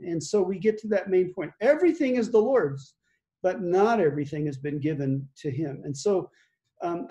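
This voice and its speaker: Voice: mid-range voice, dark tone. A pastor giving conversational Bible teaching and reading scripture aloud, with fillers and chuckles.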